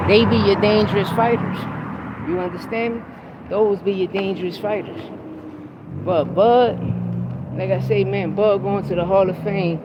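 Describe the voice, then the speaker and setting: A man's voice: sits high, background noise. A man hosting a podcast, talking about boxing in a blunt, profane, heated way. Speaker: podcast host. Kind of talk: casual opinionated sports talk.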